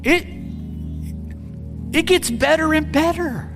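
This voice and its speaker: A man in his fifties, a pastor, preaching a playful sermon that builds to shouts. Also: very high-pitched, slow, over music. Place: church sanctuary. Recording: long hall reverb.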